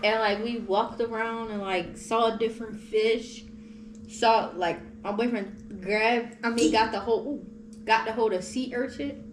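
A young woman hosting a podcast, telling travel stories in animated slang-filled casual chat. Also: on the high side, a little slow. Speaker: podcast host. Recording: echoey room with faint noise.

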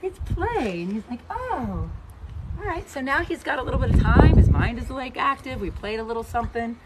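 Chatty Missouri-raised woman, slightly high voice. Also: lively intonation, fairly quick, very noisy. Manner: chatty, joking, folksy. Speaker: horse trainer and vlogger. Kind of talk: casual talk to camera while trimming a hoof. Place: outdoors at a horse farm.

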